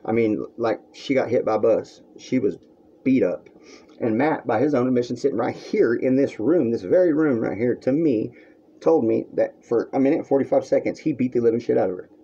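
This vlogger's voice is mid-range, mellow and slightly rough, and he talks fairly quickly in an animated way. He's in a room at home, ranting crudely and heatedly to the camera in a rambling monologue captured on a dull lo-fi recording.

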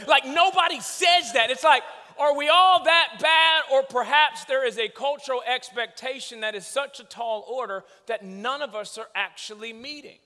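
High, bright-voiced preacher shouting jokes. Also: male voice, moderate pace. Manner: animated storytelling, shouting punchlines, acting out his kids. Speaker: guest preacher. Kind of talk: comedic sermon. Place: large church hall. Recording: long hall reverb.

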